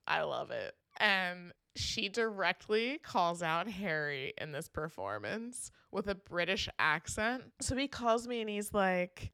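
Brief: young woman, excited fan co-host, bright tense tone, lower pitch. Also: clean tone, no echo, studio quality. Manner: enthusiastic fan, lively and expressive. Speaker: podcast co-host. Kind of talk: casual chat.

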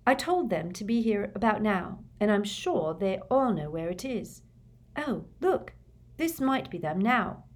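Bossy schoolgirl, brisk, higher voice read by a woman narrator. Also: big pitch swings. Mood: eager. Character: anxious bossy teenage girl.

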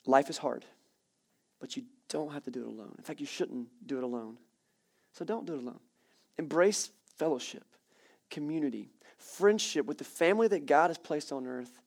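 A male pastor giving a sermon in a church, speaking with energetic, conversational preaching full of casual fillers, then closing in prayer. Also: a little high, moderate pace, vocal fry. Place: church hall with congregation.

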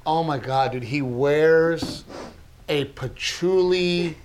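A middle-aged man co-hosting a podcast, telling funny stories in a casual, animated way and acting out other people's lines. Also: on the high side, takes it slowly, a little hiss or hum. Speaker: podcast co-host. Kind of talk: casual storytelling chat.

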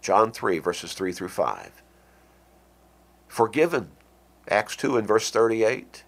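A middle-aged man preaching an earnest radio sermon, with slow, deliberate stresses on key words. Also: fairly low pitch, lively intonation, creaky.

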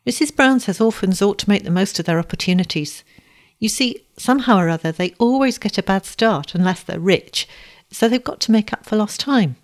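A woman reading a storybook voices an earnest, tender young flower girl with a brighter, lifted tone. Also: mid-range voice, expressive, a little fast, voice pushed up, lightly acted.

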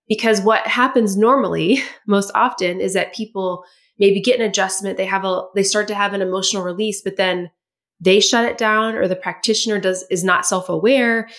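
A woman's voice: medium pitch, steady tone, normal speed, a bit bright. A woman hosting a podcast, talking reflectively and affirming her guest with frequent "yeah" and "like". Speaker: podcast host. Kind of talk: podcast conversation.

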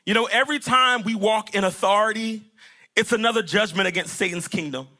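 A young adult man preaching a sermon as pastor, animated, with a sing-song rising delivery and playful acted-out asides. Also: sits high. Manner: animated preaching, acts out the disciples and Jesus in quick asides.

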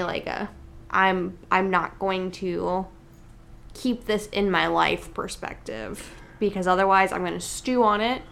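A woman's voice: medium pitch, creaky, fairly bright tone, slight background noise. A woman co-hosting a casual podcast, talking frankly, swearing easily and laughing often. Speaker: podcast co-host.

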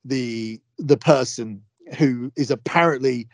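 A man's voice: medium pitch, takes it slowly, dry recording. Guy ranting on a podcast, swears a lot, keeps hammering his point, dry close sound. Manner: emphatic and profane, repeats phrases for force. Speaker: podcast guest. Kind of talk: heated casual chat.

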